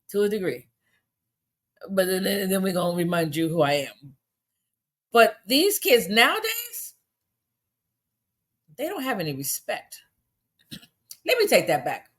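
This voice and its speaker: A middle-aged woman giving a blunt, indignant casual commentary, preachy and plain-spoken, her voice jumping up high when exasperated. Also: big pitch swings, unhurried, pauses often, fairly bright tone. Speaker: commentary vlogger.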